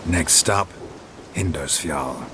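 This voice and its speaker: A man's voice: takes it slowly, background noise. An actor voicing a laconic male witcher monster hunter in terse video game dialogue, with heavy rain in the background. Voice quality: very deep, terse. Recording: game audio with loud rain.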